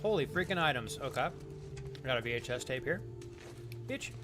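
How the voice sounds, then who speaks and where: A man's voice: medium pitch, lively intonation, a little fast, music in the background. A young man streaming a game, chatting casually with viewers and making crude jokes. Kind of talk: casual live-stream commentary.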